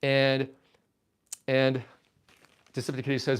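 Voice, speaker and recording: Very slowly and with frequent pauses, a Canadian man with a mid-range voice hosts a casual livestream. As he packs up his toys, he reads out viewer chat and rambles in a playful, easily excited manner.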